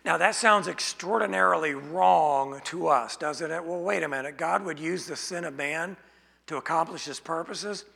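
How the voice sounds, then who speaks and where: Slow gravelly preacher in a reverberant hall. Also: male voice, a little high, pushed and bright. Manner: slow, deliberate delivery with rhetorical questions. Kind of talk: expository sermon.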